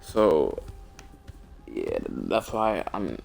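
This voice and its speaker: A man's voice: extremely low pitch, wildly swooping pitch, drawn-out words, creaky, a little mellow, faint music behind. A tired young man rambling casually about basketball on a stream as host, with many restarts and fillers. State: tired, yawning. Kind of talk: casual sports talk stream.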